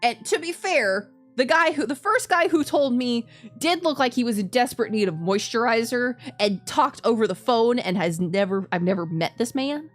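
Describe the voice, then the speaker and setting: A woman's voice: on the high side, animated, normal speed, faint music behind. A woman streamer chatting casually while playing a game, restarting her sentences and laughing often. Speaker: VTuber streamer. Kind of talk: casual gaming commentary.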